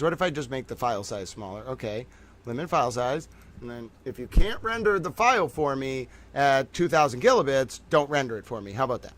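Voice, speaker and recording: A man's voice: mid-range voice, lively intonation, fairly quick, a bit bright. A man hosting a casual livestream, talking to his chat with theatrical mock outrage while fiddling with his computer. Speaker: livestream host.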